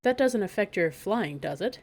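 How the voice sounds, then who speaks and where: A woman's voice: mid-range voice, lively intonation, moderate pace, darkish tone. A woman voicing a plucky young princess. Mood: spirited.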